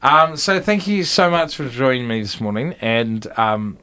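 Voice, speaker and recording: Radio host, male, bright and forceful tone, halting friendly interviewer. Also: mid-range voice, smooth. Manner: hesitant, frequent ums and restarts.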